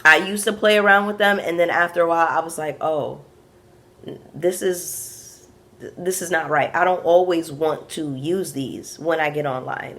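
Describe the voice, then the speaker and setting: A young woman from Brooklyn with a Caribbean-tinged Brooklyn accent, recapping reality TV in sassy, frank asides to her viewers. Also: sits low. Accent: Brooklyn with a Bajan and Caribbean patois touch. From Brooklyn, USA. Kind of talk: casual recap commentary.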